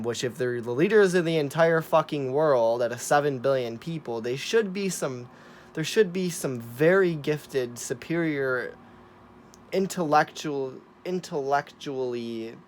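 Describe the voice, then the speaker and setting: A man vlogging a ranting monologue, cursing constantly and hammering his points through repetition, swinging between low mutters and loud bursts. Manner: profane, emphatic, repetitive, swinging from mumbling to loud.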